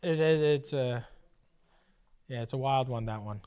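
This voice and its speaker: A man co-hosting a podcast in casual banter, loud and excitable, jumping between shouting and mock-calm talk. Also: mid-range voice, unhurried, clean tone. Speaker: podcast co-host.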